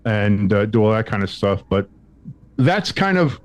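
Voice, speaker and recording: A man co-hosting a sports podcast, casually telling a long story with profanity and acting out the quoted lines. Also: unhurried. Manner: animated, acts out quotes with big pitch jumps; profane, frequent restarts. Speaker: podcast co-host.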